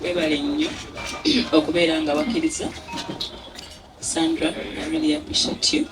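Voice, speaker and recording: A woman's voice: low-pitched, animated, moderate pace, noisy background. A woman with a Ugandan accent giving an emotional thank-you speech at an event. She laughs often and mixes English with Luganda. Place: event venue. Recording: distant mic with a crowd behind.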